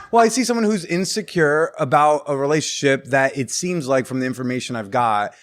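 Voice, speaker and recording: A young adult man hosting a podcast, talking in a calm, probing way as he gives dating advice to his guest. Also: on the high side, a little fast. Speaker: podcast host. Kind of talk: casual interview chat.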